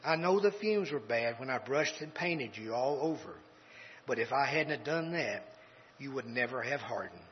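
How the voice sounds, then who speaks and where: A man voicing a patient, gentle master potter who explains himself quietly and calmly in a told story, on a dull recording in a reverberant hall. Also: medium pitch, slight background noise, lightly acted. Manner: quiet, calm, measured.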